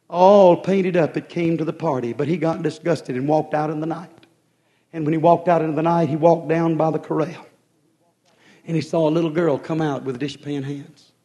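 A man's voice: fairly high pitch, darkish tone. A man preaching a sermon with fervent, rhythmic delivery, calling out to his congregation.

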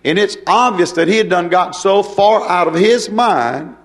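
An older man with a drawl delivers a homespun sermon. His voice sits slightly high for a man, and he chuckles and asks the congregation rhetorical questions. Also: unhurried. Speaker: preacher. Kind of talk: folksy sermon.

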